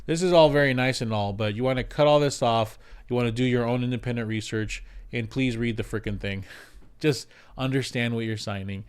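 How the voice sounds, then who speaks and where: A man who works as a real estate agent, giving casual advice to camera in an animated way, repeating words for emphasis and acting out quotes. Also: medium pitch, a little fast, clear, resonant tone. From United States.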